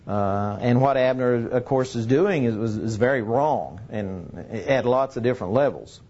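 A man teaching a casual Bible lesson, talking haltingly with many fillers and restarts. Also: medium pitch, a little mellow, muffled recording.

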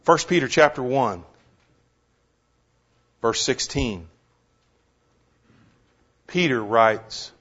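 A man's voice: mid-range voice, animated, extremely slow, long pauses, a bit bright, breathy edge. A man preaching a sermon, emphatic, repeating words for stress and asking the listeners questions. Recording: dull lo-fi recording.

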